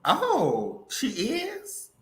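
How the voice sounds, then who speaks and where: A man's voice: extremely high pitch, wildly swooping pitch, extremely slow, echoey room. A man in a casual group chat who laughs easily and sings song lines.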